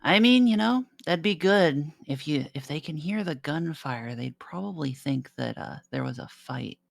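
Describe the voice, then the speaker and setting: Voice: mid-range voice, expressive, moderate pace, vocal fry, no echo. A player speaking in character at a tabletop game, brash and casual with some stammering.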